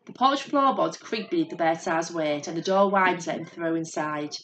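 A woman with a lowish voice narrates a fairy tale. Her delivery is steady and measured, like a storyteller reading aloud. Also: a little hiss or hum.

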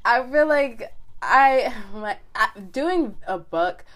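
A woman from New Jersey co-hosting a podcast in relaxed casual chat. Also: fairly high pitch, takes it slowly. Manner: relaxed, with frequent laughs and backchannels. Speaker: podcast co-host.

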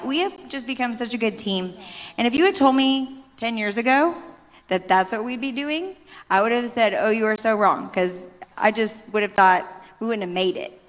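A woman's voice: fairly high pitch, fairly bright tone. A woman in her thirties sharing a heartfelt, rambling faith testimony on stage, often restarting her sentences. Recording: long hall reverb.

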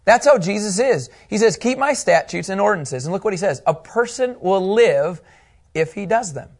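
A man teaching a Bible class, animated and asking his students questions as he goes. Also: high voice, moderate pace.

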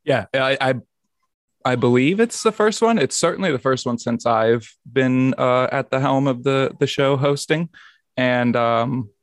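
An easygoing man hosting a casual podcast, in a mid-range voice with a relaxed, slightly rambling delivery. The sound is dry and close. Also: mid-range voice, measured pace, no room sound. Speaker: podcast host.

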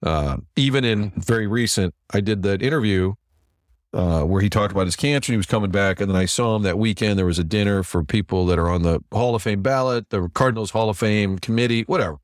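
A man's voice: fairly low pitch, fast talker, no room sound, clean studio sound. A middle-aged man, a TV sports director, telling stories as a guest in a casual interview and acting out what others said. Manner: animated anecdote teller who acts out quotes.

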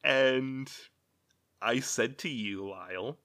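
A man's voice: lowish voice, fairly even intonation, unhurried, bright, forceful tone. A man hosting a casual chat, rambling, laughing often and swearing freely.

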